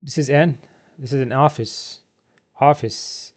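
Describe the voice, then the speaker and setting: A man teaching a beginner vocabulary lesson from slides, asking questions and then slowly repeating each word twice. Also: mid-range voice. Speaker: Arabic teacher.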